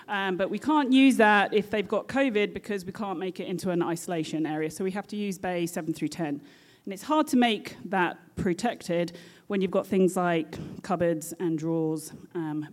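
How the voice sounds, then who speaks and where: A woman with a British accent, a nurse telling a personal story in a lively, animated way with frequent laughter. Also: fairly low pitch.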